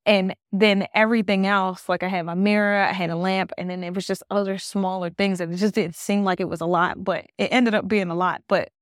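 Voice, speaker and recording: A woman's voice: mid-range voice, fairly even intonation, a little fast, hardly any pauses. A woman hosting her own podcast, chatting casually from her apartment. She rambles through a story, leaning on "like" every few words. The sound is dry and close, with no room echo. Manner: rambling storytelling, heavy use of "like". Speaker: podcast host. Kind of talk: casual solo podcast chat.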